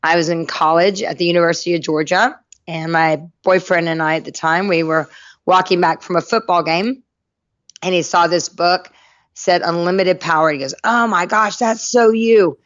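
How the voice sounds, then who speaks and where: A middle-aged woman from North Carolina, a podcast guest telling her life story in a lively way and acting out the people in it. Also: fairly low pitch, moderate pace, no echo, highs cut off. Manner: lively anecdotal storyteller, acts out quoted voices. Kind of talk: storytelling interview.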